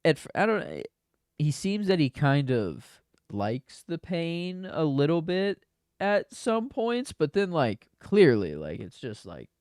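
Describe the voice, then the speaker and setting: A man's voice: fairly high pitch, sing-song, a little slow, a little mellow, dry recording, studio quality. A man co-hosting a casual film podcast, talking in an easygoing, hesitant way with many fillers and restarts. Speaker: podcast co-host.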